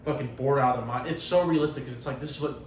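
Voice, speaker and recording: A man's voice: mid-range voice, very fast, a crowd in the background. A man hosting a casual podcast, animatedly retelling a comic book story with lots of swearing and acted-out quotes. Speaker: podcast host. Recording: roomy sound from a distant mic with faint noise.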